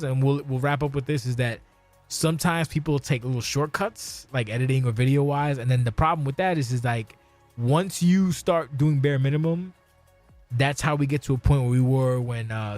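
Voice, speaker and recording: A man's voice: medium pitch, moderate pace, darkish tone, faint music behind. Blunt, profane middle-aged man ranting. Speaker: podcast host. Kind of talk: casual chat.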